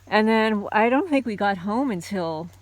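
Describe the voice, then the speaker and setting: A middle-aged American woman talks straight to her viewers. She tells a personal memory in a loose, chatty way, with plenty of ums and false starts. Her voice sits at an ordinary pitch for a woman. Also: expressive, moderate pace, no echo. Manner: conversational, with many fillers and restarts. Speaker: homesteading channel host. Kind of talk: personal storytelling to camera.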